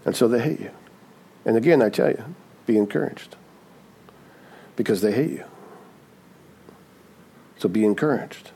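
A man's voice: medium pitch, unhurried, vocal fry, pauses often, warm tone, a little hiss or hum. A man preaching a sermon in a conversational way, often asking "right?" and acting out quoted voices. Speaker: pastor.

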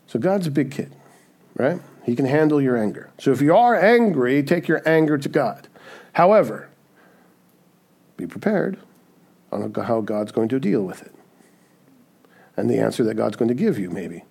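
A man's voice: medium pitch, big pitch swings, normal speed, creaky, pauses often, darkish tone, husky. A man preaching a sermon in a conversational way, often asking "right?" and acting out the voices he quotes. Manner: acts out quoted voices in asides. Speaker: pastor.

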